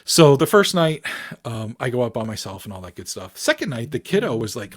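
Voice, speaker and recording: A man's voice: mid-range voice, fairly quick. A man, a paranormal researcher guest, telling a story in casual chat and acting out the people in it. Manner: animated storyteller acting out quoted voices.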